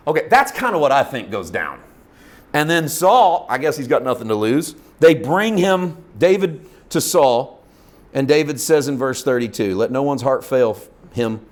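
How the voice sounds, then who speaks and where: A man teaching a Bible lesson, retelling the story in an informal, animated way and laughing often. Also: a little high, moderate pace.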